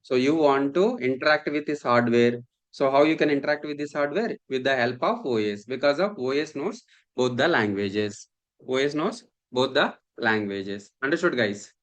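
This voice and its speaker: A man's voice: medium pitch, expressive, moderate pace. A man, lecturing a class, repeating points and often asking the students if they follow. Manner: repetitive, checks understanding often. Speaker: instructor.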